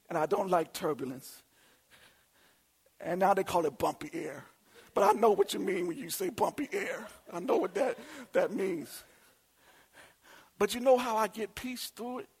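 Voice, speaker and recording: A man preaching a sermon in a call-and-response style, rising to shouted refrains. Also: sits high, gravelly, slightly rough.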